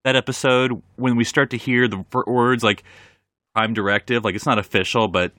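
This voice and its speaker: A man hosting a casual podcast, animated and laughing, often searching for words. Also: mid-range voice, normal speed, dry recording, clean studio sound. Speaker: podcast host. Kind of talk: casual chat.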